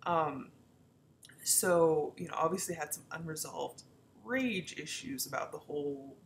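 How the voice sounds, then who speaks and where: A woman's voice: low-pitched, measured pace, slight background noise. A young woman author telling a personal story in a casual vlog, frank and full of fillers, acting out quoted lines. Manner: chatty, frank, peppered with fillers and swearing; animated, acts out quoted lines. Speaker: romance author.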